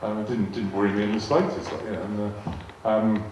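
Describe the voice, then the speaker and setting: Older west country guy, low voice, chatty storyteller, big echoey hall, mic far off. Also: steady tone, a little fast, a little mellow, lo-fi sound. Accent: West Country English. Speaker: guest speaker answering audience questions. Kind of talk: anecdotal talk to a live audience. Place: large arts hall. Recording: echoey hall, distant mic, faint hiss.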